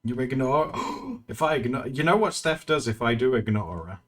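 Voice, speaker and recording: A man's voice: medium pitch, animated, normal speed, a bit bright. A man streaming live, chatting casually with his viewers in a teasing way and laughing often.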